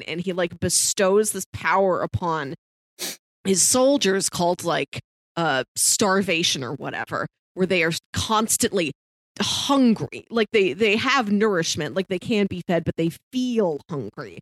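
Female podcast co-host, casual and enthusiastic, low-pitched voice, dry close sound. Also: a little slow, dry recording. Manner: enthusiastic, animated retelling. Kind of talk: casual book-club chat.

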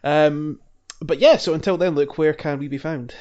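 A man's voice: a little high, fairly even intonation, moderate pace, a little mellow, muffled recording. A man co-hosting a casual podcast, good-natured, with stumbling restarts. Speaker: podcast co-host. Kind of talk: casual chat.

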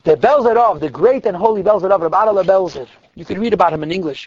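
A man telling a Hasidic story to listeners in an animated, emphatic way, repeating words for stress. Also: sits high, fast talker, dry recording. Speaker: religious storyteller. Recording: dull lo-fi, dry recording.

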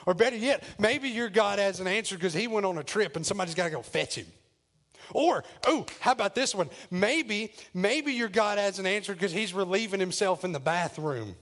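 Bold mocking prophet, drawl, brash trash talker, a preacher voicing him in a sermon, fairly high voice. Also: male voice, expressive, normal speed. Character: bold defiant prophet, grown man, mocking rivals.

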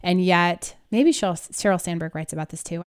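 Emphatic smooth-voiced woman podcast co-host. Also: on the low side, fairly quick. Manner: animated, emphatic, laughs through frustration. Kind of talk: casual conversational podcast chat.

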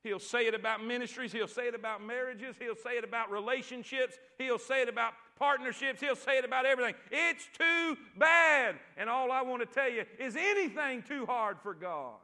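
A male preacher delivering a church sermon, repeating phrases and calling for responses until he is shouting. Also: extremely high pitch, brisk, few pauses. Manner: repetitive, call-and-response preaching that builds to shouts.

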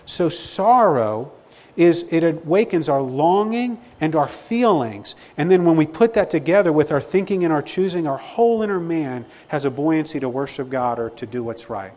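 A fairly high-voiced man speaks earnestly and reflectively, answering a question with many restarts and asides. His voice rings out with a long hall reverb behind it. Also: animated, normal speed, a little mellow. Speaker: Christian counselor answering questions. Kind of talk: spoken Q&A teaching.

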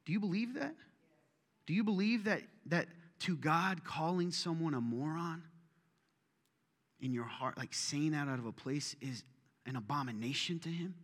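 A man preaching a sermon, animated and joking, with self-deprecating asides, in a church auditorium. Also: on the high side, normal speed. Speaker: pastor. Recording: long reverb of a large hall.

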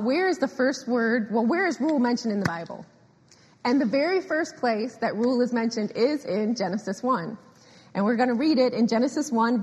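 A woman preaching a sermon, animated and emphatic, repeating phrases and often laughing. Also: on the high side, slightly rough. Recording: echoey hall with long reverb.

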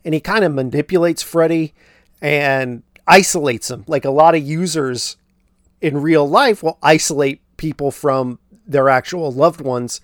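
A man's voice: fairly high pitch, no echo, studio quality. A man hosting a podcast, casually recapping a film with lots of fillers and asides about what really happened. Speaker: podcast host.

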